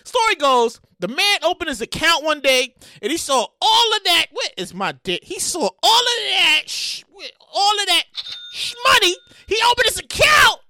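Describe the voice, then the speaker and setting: A woman hosting a casual solo podcast, excitable and rambling as she tells a story, with loud exclamations and frequent laughter. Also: extremely high pitch, normal speed, no room sound, clean studio sound. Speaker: podcast host.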